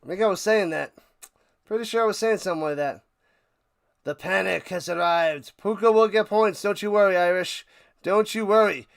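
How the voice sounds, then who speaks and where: A man hosting a live watch party, calling plays casually and chatting with viewers, bursting into loud hype on big plays. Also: high voice, gravelly, clean tone. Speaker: watch party play-by-play host. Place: home room, his man cave.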